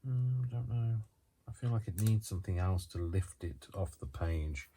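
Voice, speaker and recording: A man's voice: sits low, lively intonation, moderate pace, warm tone, a little hiss or hum. A man chatting casually to the camera while he crafts, rambling and hesitant with lots of ums and restarts, and yawning now and then. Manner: yawns often while talking. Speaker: craft vlogger.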